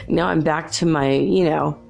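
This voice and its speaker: Low, gravelly-voiced woman telling stories. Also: steady tone, slow, a little mellow, faint music behind. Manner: rambling, chatty, laughs often. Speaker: podcast host. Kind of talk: casual storytelling monologue.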